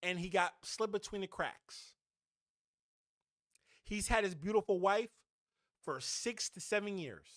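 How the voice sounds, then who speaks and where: Man ranting about sports, high-pitched, bright edgy tone, blunt and heated, dry close sound. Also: measured pace, pauses often, no echo. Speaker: fan podcast host. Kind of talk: opinionated sports rant.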